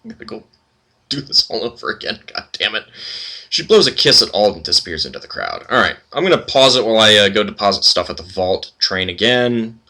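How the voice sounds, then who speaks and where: A man's voice: fairly low pitch, sing-song, a little fast, sharp tone. A man hosting a let's play, reading game text aloud and commenting casually with wry asides.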